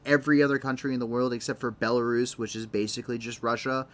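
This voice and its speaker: A man's voice: mid-range voice, flat delivery, fast talker, a bit bright. A young man hosting a live online news show, commenting off the cuff in a rambling, sarcastic way with many restarts.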